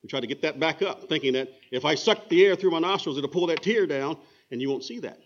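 A man preaching a sermon in an emphatic voice, slowing down to dwell on key words. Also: a little high. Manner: emphatic, with slow dramatic phrasing. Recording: dull lo-fi recording.

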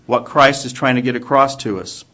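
A man preaching a sermon to his congregation in a church, asking measured rhetorical questions. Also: mid-range voice, fairly bright tone. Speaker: pastor. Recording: dull lo-fi recording.

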